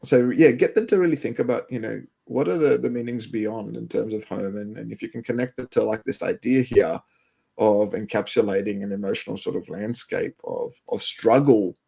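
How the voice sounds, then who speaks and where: Man, Western Sydney accent, gravelly, dark tone, rambling teacher chat. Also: on the low side, normal speed. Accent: Australian, Western Sydney. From Western Sydney, Australia. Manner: rambling, many fillers and restarts. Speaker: English teacher, podcast co-host. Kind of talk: casual educational podcast chat.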